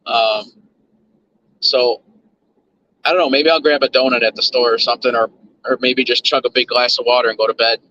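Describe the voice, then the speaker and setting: A man's voice: mid-range voice, steady tone, normal speed, long pauses, bright, forceful tone, lo-fi sound, a little hiss or hum. A man chatting loosely to his stream chat while driving, repeating words and drifting between thoughts. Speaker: livestream host. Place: in a car.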